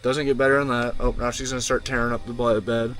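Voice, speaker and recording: A man's voice: mid-range voice, level tone, fast talker, a bit bright. A young man chatting casually and slangily on a long gaming livestream from inside a van, often cooing to his dog. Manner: laid-back slangy, talks to his dog. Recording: music playing behind.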